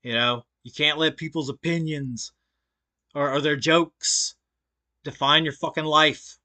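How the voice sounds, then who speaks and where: A man's voice: on the high side, fairly even intonation, measured pace, bright, forceful tone. A man co-hosting a live stream, reacting with sarcastic, profane mockery in a casual chat. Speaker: stream co-host.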